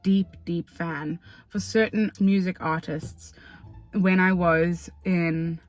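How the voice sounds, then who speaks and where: A woman's voice: lowish voice, slow, soft background music. Chatty South African woman vlogging from a car. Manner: excitable and chatty, lots of fillers and slang. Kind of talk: casual storytelling to camera. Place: parked car.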